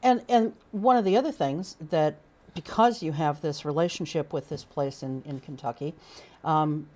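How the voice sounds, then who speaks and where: A woman hosts a casual interview show in a low voice. She talks in a chatty way, jumping in to add to and complete her guest's points. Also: normal speed, darkish tone. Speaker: talk show host.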